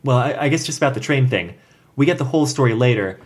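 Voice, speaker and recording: A man's voice: mid-range voice, animated, quick pace. A man co-hosting a casual podcast, summarizing a story with hesitant restarts and fillers. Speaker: podcast co-host. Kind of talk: casual podcast chat about fanfiction.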